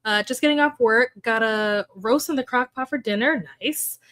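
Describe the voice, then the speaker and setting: Young woman, stream host, bright higher voice, chatty and quick to laugh, dry close sound. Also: no room sound. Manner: chatty, laughs often, greets viewers by name. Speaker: livestream host. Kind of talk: casual chat with live chat readers.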